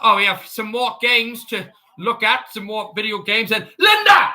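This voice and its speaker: A man impersonating an excitable male gaming YouTuber who shouts his greetings in a shrill voice. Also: normal speed, a little hiss or hum, full character voice. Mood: hyper.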